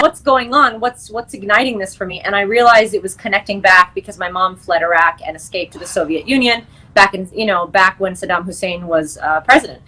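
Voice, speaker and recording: Over a rough recording, a young actress and screenwriter with a mid-range, sharp-toned voice talks casually in an interview. Her speech is full of fillers and restarts, and she laughs readily as she chats.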